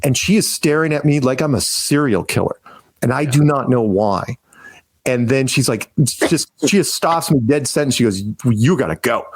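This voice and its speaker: A man's voice: a little high, no room sound. Guy rambling through a story on a podcast, lots of restarts, dry sound. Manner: rambling, with many restarts and acted-out quotes. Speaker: podcast guest. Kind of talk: casual storytelling in an interview.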